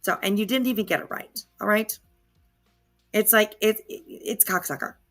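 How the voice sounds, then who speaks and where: A woman's voice: mid-range voice, normal speed, a bit bright, faint music behind. A woman hosting reaction commentary, sarcastic and opinionated. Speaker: commentary channel host.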